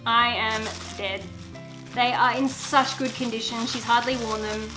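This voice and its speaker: Young woman vlogger, high and bright, gushing excitedly while unboxing, faint music underneath. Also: measured pace. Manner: gushing and excitable, squeals over items. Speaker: YouTuber. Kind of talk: casual unboxing vlog chat.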